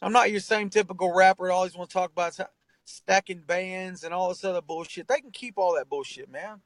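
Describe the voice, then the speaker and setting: A man with a high voice speaks earnestly and emphatically, tossing in "man" and "bro" and swearing freely. The sound is dry and close to the mic, with no room around it. He tells his story with heartfelt intensity. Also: brisk, no echo, rough recording. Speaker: rapper and tattoo artist, guest. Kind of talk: candid interview talk.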